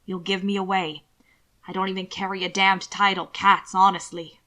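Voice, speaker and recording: Lady doing a cocky young prince guy, brash and bright, audiobook. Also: medium pitch, little pitch movement, moderate pace, lightly acted. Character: brash arrogant young royal man.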